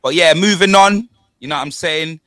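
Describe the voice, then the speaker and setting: A young man with a London accent, hosting a football podcast in slangy, animated banter. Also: fairly high pitch, normal speed, dry recording. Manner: slangy, animated banter with constant tag words. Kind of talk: casual chat.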